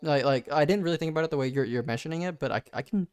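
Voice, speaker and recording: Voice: mid-range voice, very fast, clean tone, dry recording, clean studio sound. A podcast co-host chatting casually about comics, thinking aloud with frequent restarts. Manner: thoughtful, restarts, animated when retelling. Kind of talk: casual comic book discussion.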